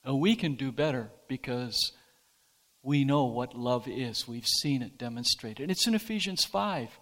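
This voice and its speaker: Slow, deliberate male preacher. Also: medium pitch, a bit bright, long reverb tail. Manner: slow, deliberate preaching that rises to emphatic peaks. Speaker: pastor. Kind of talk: sermon.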